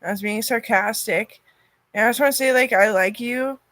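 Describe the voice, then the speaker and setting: A woman in a rambling personal monologue, cursing often, her loudness swinging from loud outbursts to near-murmurs. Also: fairly high pitch, moderate pace, no echo.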